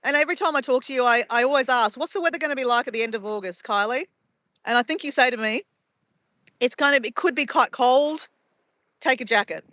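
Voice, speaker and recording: A chatty woman with a bright, fairly high voice talks live to her viewers from her phone. She walks outdoors at sunrise, reading out chat messages as she goes. The sound is close and dry. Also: fast talker, no echo. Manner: chatty, greets viewers by name and reads chat aloud. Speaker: live streamer. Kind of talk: casual live-stream chat.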